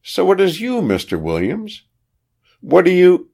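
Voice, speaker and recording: A man's voice: high-pitched, wildly swooping pitch, a little slow, vocal fry, darkish tone, voice pushed up, full character voice. A man voicing a scornful, seductive countess caught as a spy. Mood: coy.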